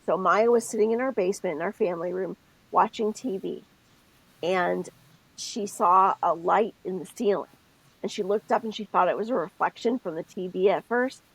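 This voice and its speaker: A middle-aged woman co-hosts a casual podcast chat, telling stories and explaining things step by step. Her voice is breathy and husky. The sound is dry and close, with no room around it. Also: medium pitch, dry recording, rough recording. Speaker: podcast co-host.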